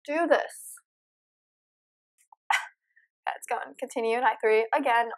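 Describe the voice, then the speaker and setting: A woman's voice: a little high, measured pace, pauses often. A young woman nervously commenting as she plays a horror game, chatting to her viewers. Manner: nervous, jumpy, talks to viewers. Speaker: gamer.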